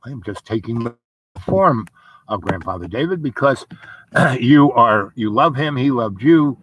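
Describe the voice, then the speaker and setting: A man voicing an ancient serpent god who takes the form of an old grandfather, speaking softly and calmly. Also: medium pitch, a little slow, distant mic, highs cut off, a little hiss or hum. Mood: gentle.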